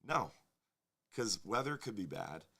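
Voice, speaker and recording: A man's voice: on the low side, sing-song, a little slow, fairly bright tone, husky. A man hosting a casual live fishing show, rambling and joking with viewers. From Florida. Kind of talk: casual live-stream chat.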